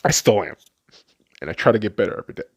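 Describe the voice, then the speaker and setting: A Las Vegas, USA, podcast host in his late twenties races along in a lowish voice with lively intonation. Tearful and profane, he repeats himself while recounting a personal memory in an emotional monologue.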